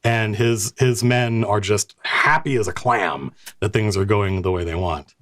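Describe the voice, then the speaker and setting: A low-pitched man runs a tabletop game as its game master. He tells the story in an animated way, often stopping to correct himself mid-sentence. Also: a little slow.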